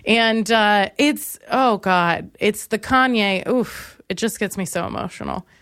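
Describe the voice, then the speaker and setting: A woman's voice: medium pitch, unhurried, a bit bright, clear, resonant tone, dry recording, clean studio sound. Rambling, profane woman podcast host. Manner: rambling, candid, profane, many fillers and restarts. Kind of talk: comedic storytelling monologue.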